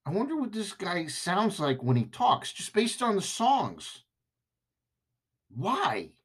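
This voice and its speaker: Slow-talking man hosting a comedy podcast. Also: fairly high pitch, fairly bright tone, breathy edge. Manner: rambling, self-mocking, jokey. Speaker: podcast host.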